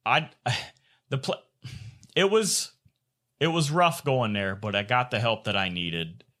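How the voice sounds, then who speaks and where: A man's voice: mid-range voice, expressive, measured pace, sharp tone. A man co-hosting a podcast, telling a crude story in casual chat, swearing and laughing often. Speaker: podcast co-host.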